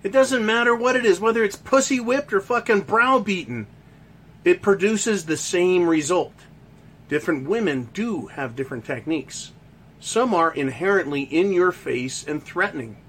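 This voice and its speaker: A man's voice: sits high, expressive, normal speed, fairly bright tone. A man delivering a crude, heated opinion rant, swearing constantly and mocking others.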